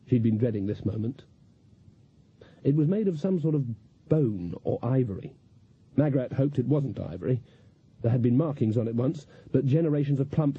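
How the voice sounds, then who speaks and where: A man giving a dry, measured scripted audiobook narration on a slightly dull lo-fi recording. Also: medium pitch, breathy edge.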